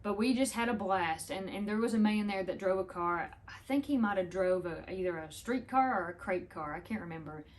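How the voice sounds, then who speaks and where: A woman's voice: mid-range voice, a little fast, hardly any pauses. A woman, chatting casually to the camera, rambling through a story with laughs. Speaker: vlogger.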